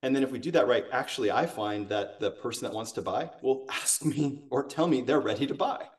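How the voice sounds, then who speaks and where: A male sales coach talking conversationally as a podcast guest, animated and full of stories. His voice has a middle pitch and sounds a little distant from the microphone. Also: a little fast. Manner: animated, acts out quotes. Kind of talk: conversational storytelling.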